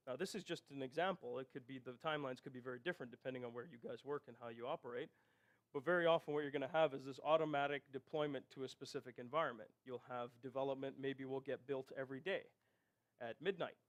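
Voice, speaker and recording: A man's voice: mid-range voice, fast talker. A man giving a technical conference presentation, explaining step by step and often checking in with the audience. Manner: explanatory, rhetorical "right?" checks. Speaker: conference speaker.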